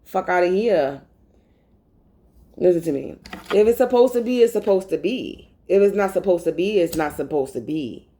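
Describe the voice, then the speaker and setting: A woman's voice: lowish voice, animated, normal speed, mellow, low-quality recording. A woman vlogger in a rambling casual monologue, talking bluntly and profanely.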